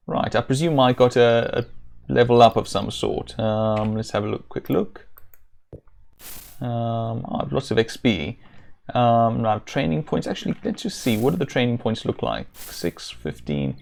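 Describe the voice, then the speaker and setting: A man's voice: mid-range voice, expressive, a little slow, creaky, darkish tone. A man streaming a video game, chatting casually and rambling with dry, self-amused jokes. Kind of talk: casual let's-play commentary.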